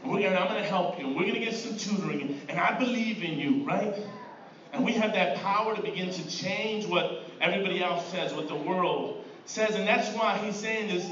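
Captured by a distant, echoey mic in a church sanctuary with background noise, the muffled recording features a middle-aged pastor giving a conversational sermon, repeating words and frequently asking "right?". His voice sits high and sounds a bit bright, and he talks briskly.

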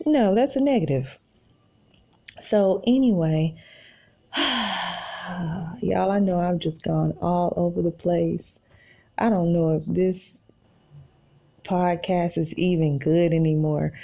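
A woman, hosting a podcast alone from her bed at home, talking in an animated, rambling and self-encouraging way. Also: lowish voice, gravelly, breathy edge, dull audio. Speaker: podcast host. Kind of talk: casual solo podcast monologue.

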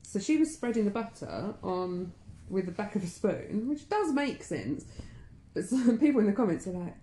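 A woman's voice: mid-range voice, very animated, normal speed, warm tone. A woman, co-hosting a podcast in casual chat. She is chatty, laughs often and swears freely. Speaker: podcast co-host. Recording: echoey room.

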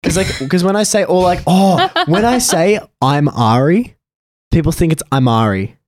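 A man's voice: high-pitched, animated, normal speed, a little mellow. A young man, a podcast guest chatting casually, rambling with lots of fillers and frequent laughter. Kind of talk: casual chat.

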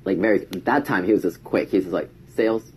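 Speaking to camera as a vlogger, a man tells a casual story in a low voice at a quick pace. He's chatty and raises his voice to act out quoted lines, with slight background noise behind him.

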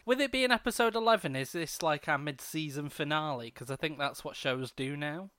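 A man co-hosting a podcast and trading jokes with his friend. His voice is bright and a little sharp, and he delivers his teasing lines deadpan. The sound is close and dry, with no room around it. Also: fairly high pitch, brisk, no echo. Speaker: podcast co-host. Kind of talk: casual comedic chat.

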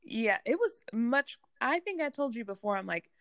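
A woman chatting casually as a co-host, full of "like" and quick laughs. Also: fairly high pitch, big pitch swings, fairly bright tone, no echo, clean studio sound. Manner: chatty, laughs often, lots of "like". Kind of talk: casual chat.

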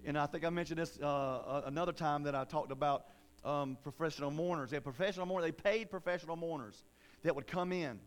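A man preaching a sermon in a casual, folksy way, with animated bursts of emphasis. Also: a little high, quick pace.

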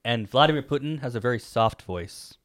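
A young man co-hosting a podcast in casual chat, joking in a deadpan way. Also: mid-range voice, fairly quick, no echo, clean studio sound. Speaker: podcast co-host.

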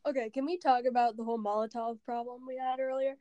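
Young woman, high voice, dry close sound, lively gaming chat host. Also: quick pace, clear, resonant tone, no room sound, muffled recording. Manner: animated storyteller who acts out quotes. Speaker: podcast co-host. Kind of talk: casual chat about a video game. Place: at home.

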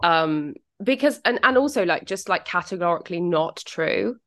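A woman's voice: fairly low pitch, lively intonation, normal speed, a bit bright. A woman with a British accent, co-hosting a podcast in casual chat, well-spoken and carefully enunciated, with the odd swear. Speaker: podcast co-host.

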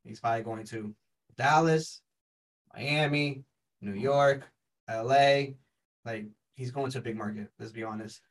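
Casting: male sports talk co-host, mid-pitched, insistent, recorded a step back from the mic. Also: measured pace, long pauses, distant mic, low-quality recording. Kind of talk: casual sports debate.

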